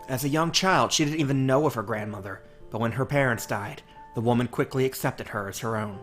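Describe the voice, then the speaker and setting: A man's voice: medium pitch, moderate pace, faint music behind. A man reading a novel aloud as an audiobook, narrating steadily. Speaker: audiobook reader.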